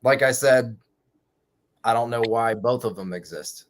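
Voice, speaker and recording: A man in an easygoing live chat, with a mid-pitched voice that wanders through half-finished thoughts. He rambles and corrects himself as he goes. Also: a little slow. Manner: rambling, self-correcting, chuckles often. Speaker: guest. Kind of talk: casual chat.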